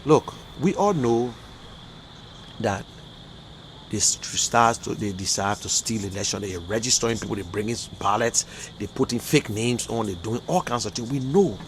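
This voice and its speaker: A man with a Liberian English accent, talking on a political livestream, emphatic and repetitive, swinging from low muttering to loud outbursts. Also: normal speed, slight background noise. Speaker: livestream commentator. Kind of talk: impassioned political livestream rant.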